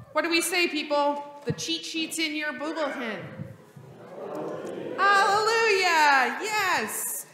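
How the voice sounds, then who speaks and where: A woman pastor speaks in a church sanctuary, her mid-range voice carried by long, roomy reverb. She reads scripture steadily, then turns lively and playful with the children gathered up front. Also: mid-range voice. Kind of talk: gospel reading and children's sermon.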